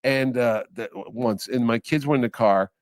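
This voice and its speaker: A man's voice: medium pitch, normal speed, dry recording. Rambling middle-aged man telling stories. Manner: rambling anecdotes, quotes people in dry voices. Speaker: guest, convention owner. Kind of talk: casual storytelling chat.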